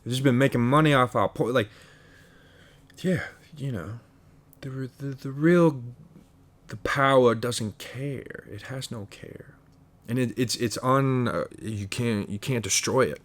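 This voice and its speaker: A man's voice: mid-range voice, a little slow. A man hosting a podcast, musing in a profane, stream-of-consciousness comedic monologue full of restarts and stumbles. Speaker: podcast host.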